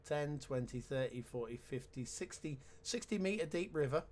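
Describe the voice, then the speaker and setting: A man's voice: a little high, lively intonation, normal speed, noisy background. A man giving casual let's-play commentary, chatty and wry with sarcastic asides. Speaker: game commentator.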